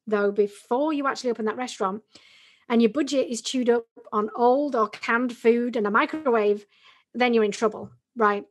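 A woman co-hosting a podcast, explaining in a chatty way with examples and frequent "right?" tags. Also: fairly high pitch. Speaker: podcast co-host. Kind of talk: casual explanatory podcast talk.

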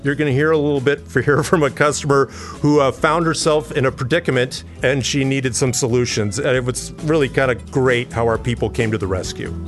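A man hosting a podcast in a relaxed, friendly way, laughing lightly as he talks. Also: mid-range voice, brisk, few pauses, faint music behind. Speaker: podcast host.

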